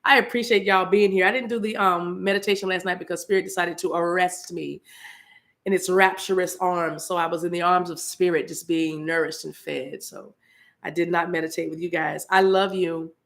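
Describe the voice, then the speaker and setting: Preaching spontaneously to a live chat, this eastern U.S. spiritual livestream host is fervent and repetitive and breaks into speaking in tongues. Her voice is on the low side, gravelly, and fairly bright, with fairly even intonation at a moderate pace.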